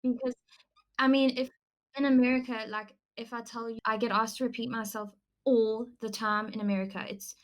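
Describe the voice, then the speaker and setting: Young woman, South African accent, chatty podcast co-host, lively and laughing. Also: on the high side, moderate pace. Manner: chatty, animated, laughs often. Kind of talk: casual chat.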